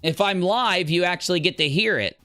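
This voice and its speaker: A man hosting a livestream, ranting casually in a rambling, animated way. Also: fairly quick, smooth, no room sound, studio quality, soft background music. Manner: animated, rambling, breaks into high squeals. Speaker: livestream host.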